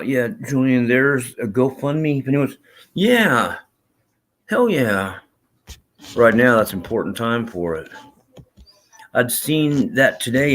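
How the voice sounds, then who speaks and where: Husky man, casual live stream host, rambling, swears a lot, mid-pitched voice. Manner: rambling, profane, reads chat aloud.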